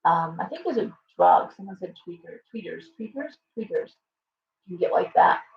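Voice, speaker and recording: A woman hosts a loose, rambling live chat, stopping to greet viewers by name. Her voice has a gravelly edge and sits away from the mic. The room is echoey, the sound is dull and lo-fi, and a faint hum runs underneath. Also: fairly low pitch, lively intonation, a little fast, far from the mic. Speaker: shop owner and live show host. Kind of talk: casual live-stream chat.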